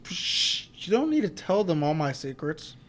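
A man's voice: a little high, sing-song, normal speed, mellow. A man in his twenties co-hosting a movie podcast, blunt, profane and jokey in casual chat. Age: 20s. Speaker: podcast co-host.

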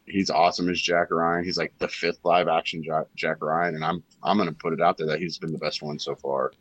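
A man hosting a casual podcast chat, swearing freely and telling animated stories. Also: extremely low pitch, fairly quick, breathy edge, dry recording, lo-fi sound. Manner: profane, animated storytelling with mock impressions. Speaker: podcast host.

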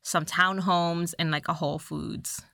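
A woman chats through a movie plot with a podcast partner, loose and profane, full of "like" and asides. Her voice is bright and forward. The sound is dry and close, with no room around it. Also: fairly low pitch, fairly even intonation, measured pace, creaky, dry recording. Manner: chatty, swearing, filler-heavy. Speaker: podcast co-host. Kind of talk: casual chat recapping a movie.

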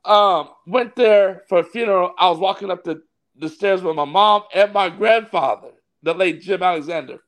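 A Baptist pastor from California telling a personal story in a rambling, heartfelt way, full of fillers. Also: male voice, high-pitched, normal speed, a bit bright. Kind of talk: casual interview storytelling.

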